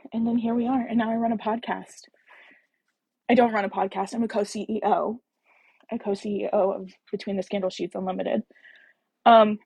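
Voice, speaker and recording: Gravelly chatty woman reading aloud. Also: medium pitch, darkish tone, no echo. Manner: chatty, self-deprecating asides. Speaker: podcast co-host. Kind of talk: casual chat and reading a novel aloud on a live stream.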